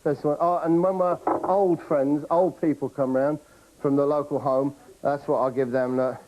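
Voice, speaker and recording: A man's voice: on the high side, fairly even intonation, normal speed, lo-fi sound. A man hosting a comedy show, delivering a rambling, boastful monologue to camera and often tagging on "right?".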